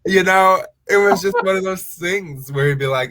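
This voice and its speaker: Man telling animated stories on a podcast. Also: a little high, a little fast, hardly any pauses. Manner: animated storyteller, laughs often. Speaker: podcast co-host. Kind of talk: casual chat.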